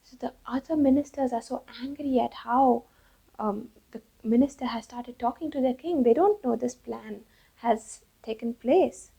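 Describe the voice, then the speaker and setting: A woman's voice: a little high, normal speed, vocal fry, dark tone, breathy edge. A woman telling a children's fable expressively, with sound effects. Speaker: storyteller. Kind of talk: children's storytelling. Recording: dull lo-fi recording.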